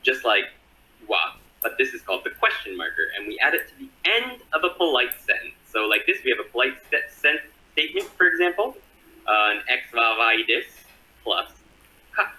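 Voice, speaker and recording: A man explaining a textbook lesson in a lively, upbeat way, heard in a clip played from a video. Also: mid-range voice, a little fast, poor audio. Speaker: online Japanese tutor.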